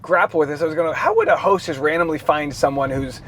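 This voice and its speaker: A man's voice: fairly high pitch, fast talker, a bit bright, a little hiss or hum. A male stand-up comedian hosting a casual interview, asking jokey questions with rambling restarts.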